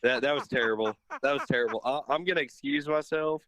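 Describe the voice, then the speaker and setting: A man's voice: medium pitch, fast talker, fairly bright tone, a little hiss or hum. A man co-hosting a casual sports talk show, telling jokes and apologizing for them. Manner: joking, self-deprecating asides. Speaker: co-host.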